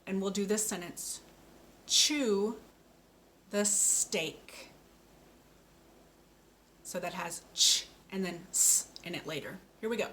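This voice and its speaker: A woman teaching a speech lesson for children, modelling each word slowly and clearly with patient coaching. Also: medium pitch, a bit bright, a little hiss or hum. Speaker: speech therapist.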